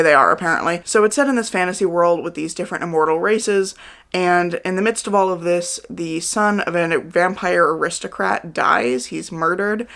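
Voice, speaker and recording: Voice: medium pitch, vocal fry, fairly bright tone. A book vlogger around thirty giving a chatty, candid reading wrap-up, with lots of "like" fillers. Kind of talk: casual monthly reading wrap-up.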